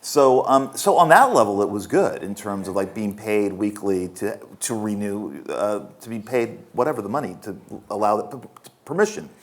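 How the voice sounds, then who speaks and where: Brief: man in his fifties, low voice, candid self-mocking festival Q&A storyteller. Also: expressive, moderate pace. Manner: frank, self-mocking, laughs while telling stories. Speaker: author answering audience questions. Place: festival stage before an audience.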